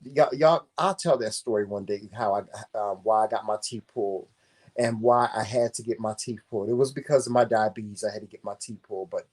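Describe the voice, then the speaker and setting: A man co-hosting a casual talk show, telling a personal story in an animated, profane and emphatic way. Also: lowish voice, fairly quick.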